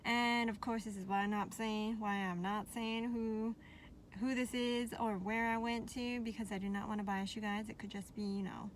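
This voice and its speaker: A woman vlogging casually to her viewers, chatty and animated, laughing often and a little out of breath. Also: mid-range voice, normal speed, slight background noise. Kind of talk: casual talk to camera.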